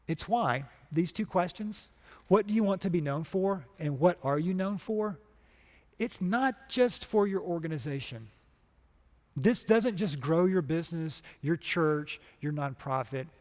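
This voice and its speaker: A middle-aged man from Georgia delivers a motivational talk on a conference stage. His voice sits a bit high for a man. He tells stories with animated energy and acts out quoted lines. His voice carries a long hall reverb. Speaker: conference speaker.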